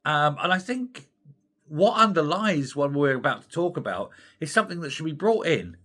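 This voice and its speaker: A man's voice: on the high side, sing-song, normal speed, sharp tone. An older British man hosting his own opinion channel, ranting in an indignant, scornful way. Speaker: commentary channel host. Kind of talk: opinionated solo commentary.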